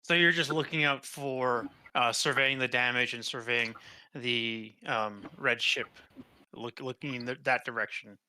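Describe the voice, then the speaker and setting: A man narrating as game master for a tabletop role-playing game, halting and full of fillers and restarts. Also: mid-range voice, steady tone, pushed and bright.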